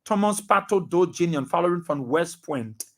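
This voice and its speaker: A man with a Liberian accent, a radio talk show host reading out listener names and greetings in a brisk roll call. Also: high-pitched, lively intonation.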